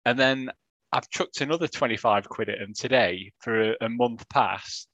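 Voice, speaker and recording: A man's voice: mid-range voice, normal speed, fairly bright tone, no room sound, lo-fi sound. A man co-hosting a podcast, talking in a loose, rambling way with wry, self-deprecating asides. His voice sits in a middle register and is recorded close and dry, with no room sound around it. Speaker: podcast co-host. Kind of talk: casual chat.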